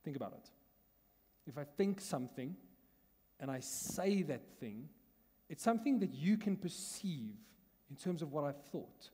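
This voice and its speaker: A man's voice: a little high, expressive, measured pace, dark tone, slightly rough. A man with a South African accent preaching a sermon in a conversational teaching manner, asking the congregation questions and laughing often, in a church hall. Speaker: pastor.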